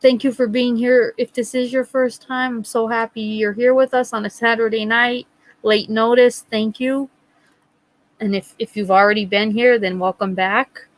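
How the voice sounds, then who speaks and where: A woman's voice: a little high, fairly even intonation, moderate pace, dry recording, rough recording. A middle-aged woman hosting a live stream, telling a rambling story with acted-out quotes and chatting with viewers. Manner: rambling storyteller, acts out quotes, frequent laughs. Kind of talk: casual chat with live chat viewers.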